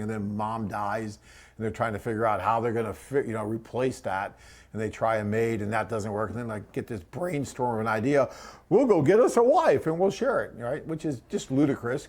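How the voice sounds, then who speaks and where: A chatty man hosting a live web Q&A, speaking at an average pitch. He rambles through viewer questions and personal stories, often tagging on "right?" and filling pauses with "um". He talks into a desk microphone at his computer. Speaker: host answering viewer questions. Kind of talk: casual live webcast Q&A.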